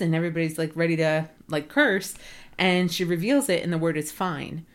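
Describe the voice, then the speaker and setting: On a casual podcast chat, a woman with a fairly low-pitched voice talks briskly and earnestly, peppering her speech with lots of "like" and "you know."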